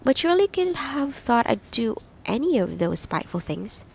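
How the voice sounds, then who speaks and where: Brief: caring, blunt young female friend, brisk and earnest, read by a woman narrator. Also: medium pitch, lively intonation, vocal fry, darkish tone, slightly rough.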